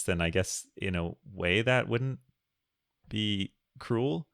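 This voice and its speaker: Gravelly low-voiced male podcast co-host. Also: slow pace, fairly bright tone, no room sound, studio quality. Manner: reads listener questions aloud, jokey. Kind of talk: casual podcast chat.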